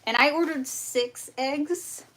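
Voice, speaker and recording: A young woman hosting a homestead livestream, telling a story in a casual, animated way, swearing and acting out the exchanges. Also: high voice, slow, a little hiss or hum. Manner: animated, profane, acts out quoted exchanges. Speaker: homestead channel host.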